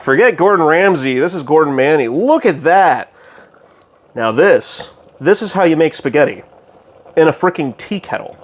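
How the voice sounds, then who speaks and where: A young man casually chatting with his stream chat while cooking, excitable, goofy and loud. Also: a little high, normal speed.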